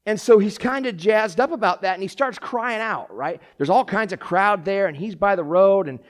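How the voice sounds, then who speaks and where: Animated high-voiced male preacher. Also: normal speed. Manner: animated preaching, swinging from hushed to shouted; repeats and restarts phrases, acts out quoted cries. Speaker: pastor. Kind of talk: sermon.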